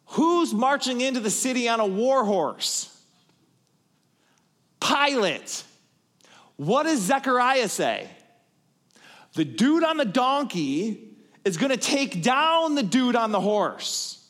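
A man preaching a sermon to a congregation, telling the story with animated build-ups that swing from loud emphatic passages to quiet asides. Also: very high voice, slow pace, pauses often, long reverb tail. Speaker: pastor.

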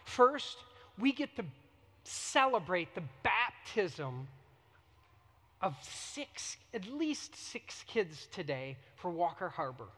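A man preaching a sermon as a pastor, emphatic, with dramatic pauses and repetition. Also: high voice, very animated, pushed and bright, big-room sound. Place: church sanctuary.

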